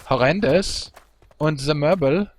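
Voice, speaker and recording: A man voicing an excitable German man with a put-on German accent and broken English. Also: fairly high pitch, unhurried, slight background noise, voice pushed up, lightly acted. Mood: eager. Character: excitable high-voiced German man asking questions.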